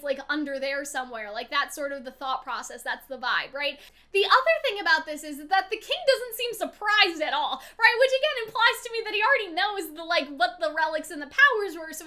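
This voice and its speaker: Bright high-voiced woman theorizing casually. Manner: chatty, animated, laughs often, swears casually. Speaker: VTuber streamer. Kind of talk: casual analysis and discussion.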